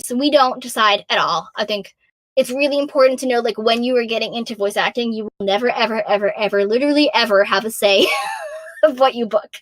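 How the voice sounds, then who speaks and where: A woman in her thirties from Massachusetts, a voice actor answering fan questions in a bubbly, self-deprecating way, with a high-pitched voice that is going hoarse from so much talking. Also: fairly bright tone, no room sound. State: losing her voice. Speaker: voice actor guest. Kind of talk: casual Q&A answers.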